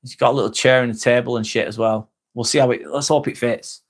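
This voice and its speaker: A man's voice: medium pitch, steady tone, quick pace. A man hosting a live stream in a casual, joking way, reading viewer comments aloud and replying with some swearing.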